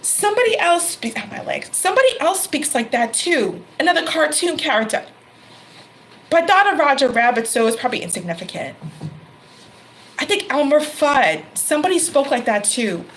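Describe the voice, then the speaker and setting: A woman's voice: high voice, big pitch swings, normal speed, a bit bright, rough recording. A woman hosting a live-stream tarot reading, talking casually to viewers by name and laughing often.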